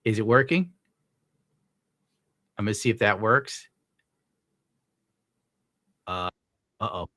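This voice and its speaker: A man's voice: lowish voice, takes it slowly, long pauses, pushed and bright, no room sound. A young man streaming live, reading out viewer tips and ranting casually with lots of swearing. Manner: profane, ranting, gets worked up. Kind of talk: casual livestream chat.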